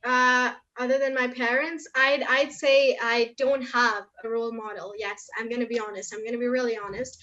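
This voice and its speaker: A woman's voice: on the high side, level tone, moderate pace, hardly any pauses, sharp tone. A young woman from India answering questions candidly in an online session, her voice strained from long talking. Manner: candid, chatty, heavy use of fillers. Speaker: motivational speaker guest. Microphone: video call. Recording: slightly muffled video call audio.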